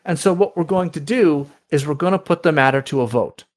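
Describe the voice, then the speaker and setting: A man with a slightly high speaking voice talks through a story on a podcast. He explains at length, restarts phrases often and acts out what others said along the way. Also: a little fast. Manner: explanatory, with many restarts and quoted retellings. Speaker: podcast guest. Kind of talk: conversational interview.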